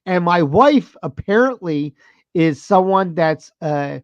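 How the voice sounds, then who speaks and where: A man in his thirties tells a story on a podcast, his speech lively and swinging through a wide pitch range, with a gravelly edge. His manner is profane and animated, and the sound is dry and a little dull, like a lo-fi recording. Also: slow pace, dry recording. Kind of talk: casual storytelling.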